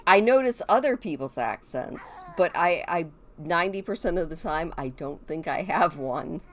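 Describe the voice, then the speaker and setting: A woman's voice: fairly low pitch, animated, moderate pace, a little hiss or hum. A middle-aged woman with a Midwestern American accent, chatting casually as she comments on a game and talks to her viewers. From Michigan, USA. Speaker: gaming video creator.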